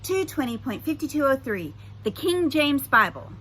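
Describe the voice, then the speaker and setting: A woman voicing an eager bookish boy, brisk and know-it-all. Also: sits high, sing-song, fairly bright tone, voice pushed up, low-quality recording.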